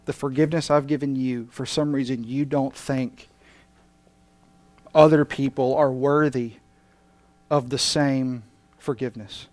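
A pastor voicing Jesus in a soft, low, earnest tone as he speaks to believers. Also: dry recording, lightly acted.

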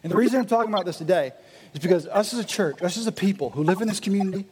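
A male pastor giving an animated sermon, acting out the voices of his listeners. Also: sits high, very fast, slight background noise. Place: church meeting in a gym. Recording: echoey hall.

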